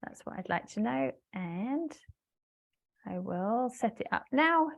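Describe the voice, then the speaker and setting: A woman business English trainer giving an online webinar, explaining step by step with frequent fillers and pauses. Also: mid-range voice, expressive, creaky. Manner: hesitant fillers, explanatory, talks to a live audience.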